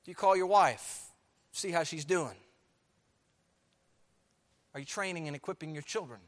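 A man's voice: fairly high pitch, normal speed. Emphatic male preacher in a reverberant church. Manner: emphatic preaching, swings from soft to loud. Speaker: pastor. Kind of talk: sermon. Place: church sanctuary.

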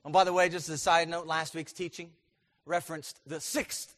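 A man with a bright, forceful voice pitched a little high preaches to his church. He questions the congregation directly and climbs to loud, emphatic peaks before dropping back to a calmer teaching tone. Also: normal speed. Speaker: pastor. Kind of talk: sermon.

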